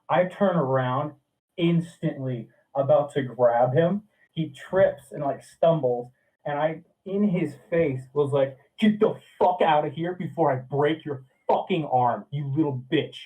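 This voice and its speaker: A man telling a profane, animated story in casual podcast chat. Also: medium pitch. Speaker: podcast guest. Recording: distant, phone-like sound.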